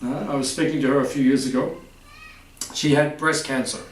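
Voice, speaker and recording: A man's voice: medium pitch, fairly even intonation, brisk, a little hiss or hum. Man preaching in a roomy hall. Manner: chatty, quizzes the audience with repeated "huh?". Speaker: spiritual teacher. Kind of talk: informal spiritual talk to a live audience. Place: festival hall. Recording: roomy hall, distant mic.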